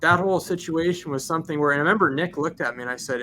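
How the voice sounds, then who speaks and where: Rapid-fire and barely pausing, a fairly high-pitched man tells a long podcast story about his detailing shop. He animatedly plays both roles in the dialogue, and there's a slight hiss or hum on the recording.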